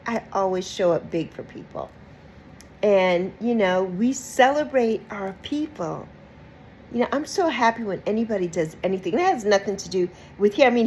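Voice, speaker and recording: A woman talks straight to her viewers with a lively, swooping pitch. She hammers her points home by saying them twice and ends many lines with "right?" Faint noise sits under her voice. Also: poor audio. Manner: emphatic, repeats phrases and tags lines with "right?"; expressive, with bursts of laughter and mock quoted voices. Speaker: YouTube host. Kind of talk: casual talk to camera.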